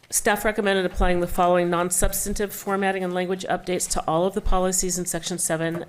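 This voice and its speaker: A woman serving as school board vice chair, reading a list of policy revisions quickly with small restarts. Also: fairly low pitch, slight background noise.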